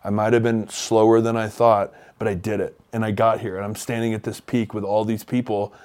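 A man's voice: fairly low pitch, flat delivery, fairly quick, a little mellow. A man co-hosting a podcast, reflecting earnestly in casual conversation with loose, rambling phrasing. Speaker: podcast co-host.

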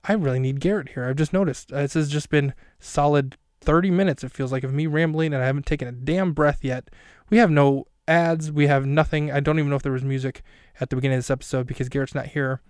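Male podcast host, casual film recap, rambling, self-mocking, smooth voice. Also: on the high side, steady tone, quick pace, few pauses, a little mellow, no echo, studio quality.

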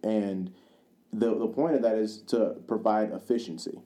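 A man's voice: fairly low pitch, fairly even intonation, moderate pace, mellow. A man co-hosting a podcast, telling casual rambling stories, swearing freely and acting out the voices of people in them. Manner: swears freely and acts out quoted dialogue in his stories; rambling, with many fillers and restarts. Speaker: podcast co-host. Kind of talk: casual storytelling chat.

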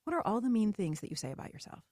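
Chatty animated woman podcast host. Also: medium pitch, racing, no room sound, clean studio sound. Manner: chatty and animated, acting out quoted voices. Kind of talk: casual solo podcast monologue.

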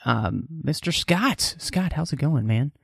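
A man's voice: fairly high pitch, expressive, slow pace, creaky, breathy edge, dry recording, clean studio sound. A man from Texas hosting a casual podcast, chatty and rambling with plenty of fillers. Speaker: podcast host. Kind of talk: casual podcast chat and show plugs.

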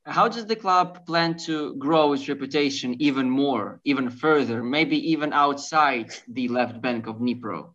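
Guy hosting a football podcast, medium pitch, muffled lo-fi sound. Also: a little slow, few pauses, fairly bright tone. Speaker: podcast host. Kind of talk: interview question. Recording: muffled lo-fi audio.

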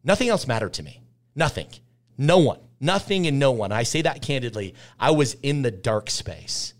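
A man's voice: medium pitch, very animated, moderate pace. A man in his thirties, a podcast guest telling candid stories in an intense, emphatic way, repeating phrases for weight. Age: 30s. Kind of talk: candid conversational storytelling.

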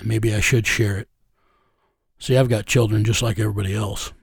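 A man who is a guest in an interview, telling a personal story in an earnest, plain-spoken way and slowing down on emotional moments. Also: on the low side, steady tone, vocal fry, husky, dry recording, studio quality.

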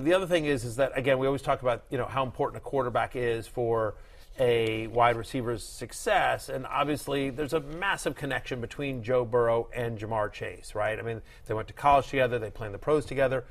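A man's voice: mid-range voice, a little fast. A man co-hosting a sports podcast, chatting casually in a jokey, rambling way from a studio. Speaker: podcast co-host.

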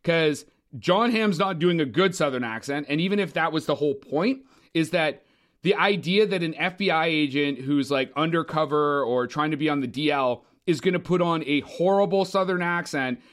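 A man co-hosting a casual movie podcast, talking in an animated, opinionated way with frequent swearing. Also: fairly high pitch, moderate pace. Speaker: podcast co-host. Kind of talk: casual movie review chat.

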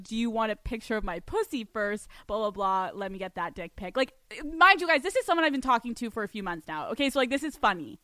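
A young woman hosting a podcast, telling a story in an animated, profane way with lots of laughter. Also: fairly high pitch, dry recording. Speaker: podcast host. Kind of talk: storytelling monologue.

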